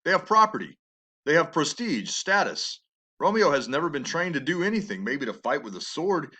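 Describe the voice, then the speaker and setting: A man's voice: a little high, big pitch swings, moderate pace, bright, forceful tone. A man teaching a play, reading it aloud and commenting in an emphatic, conversational way with rhetorical questions.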